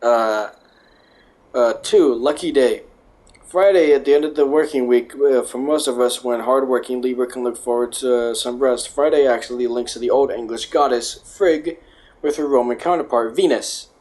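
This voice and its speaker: A man's voice: medium pitch, normal speed, a little mellow. A man casually reading aloud, stumbling and correcting himself, and adding wry joking asides. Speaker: vlogger.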